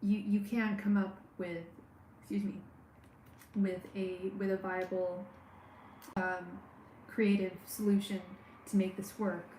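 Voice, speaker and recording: A woman's voice: medium pitch, little pitch movement, a little hiss or hum. Hesitant woman tarot reader, echoey room. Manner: halting, many restarts and fillers; warm, personal, talks straight to the viewer. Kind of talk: live-stream tarot reading.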